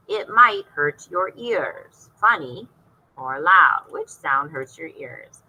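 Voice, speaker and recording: A woman's voice: mid-range voice, expressive, slow, sharp tone, poor audio. A woman music teacher walking young students through an online assignment, patient and explaining step by step. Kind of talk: recorded lesson walkthrough for young students.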